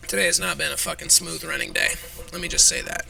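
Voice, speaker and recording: A man's voice: high voice, level tone, fast talker, vocal fry, sharp tone, a little hiss or hum, rough recording. A man hosting a live show, ranting with profanity and irritation about the news. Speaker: host. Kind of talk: live political commentary.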